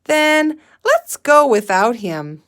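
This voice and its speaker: Woman putting on an eager little girl, high loud calls for her pet, storybook reading, slow. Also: very animated. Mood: cheerful. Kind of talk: reading a storybook aloud to children.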